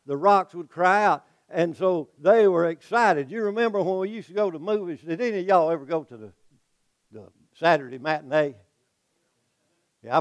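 An older man preaching a folksy, animated sermon to his congregation. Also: on the high side, no echo. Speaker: pastor.

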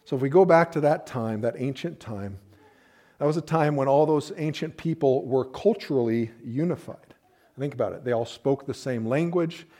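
A man's voice: medium pitch, moderate pace, warm tone. Man preaching a conversational sermon. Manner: conversational, uses playful asides and acted-out quotes. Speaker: pastor.

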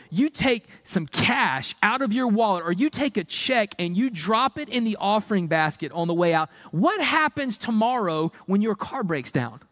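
A man preaching a sermon, firing rhetorical questions and acting out the people he quotes. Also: high-pitched. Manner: animated, rhetorical questions, acts out quoted voices. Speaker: pastor.

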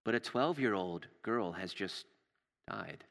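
A male pastor preaching a sermon in a storytelling way, rising for drama and dropping low and soft for tender moments. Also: lively intonation, takes it slowly, vocal fry, in a large hall.

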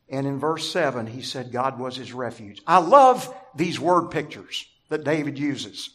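A man preaching a sermon as pastor, deliberate and emphatic, stressing key words through repetition. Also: mid-range voice, expressive, fairly bright tone.

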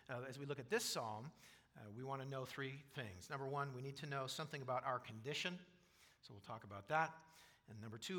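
A pastor preaching a sermon, explaining scripture in an earnest way and asking the congregation questions. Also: male voice, medium pitch, bright, forceful tone.

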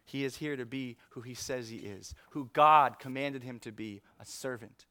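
A male pastor preaching a sermon in an animated, conversational way, chuckling often. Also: medium pitch, normal speed, dry recording. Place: church.

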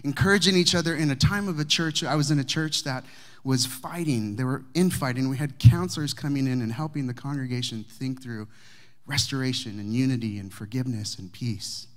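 A man preaching, a pastor telling a personal story to his congregation with humor and warmth of delivery. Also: mid-range voice, a little fast. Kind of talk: sermon storytelling. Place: church sanctuary with congregation.

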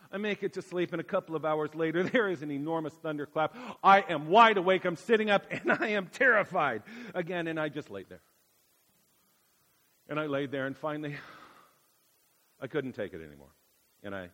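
A man delivers a sermon in a high voice, telling stories dramatically. He drops to a hush, then bursts out loud. The sound carries a long reverb. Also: animated, moderate pace, long pauses. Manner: dramatic storytelling, swings from hushed to loud. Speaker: preacher.

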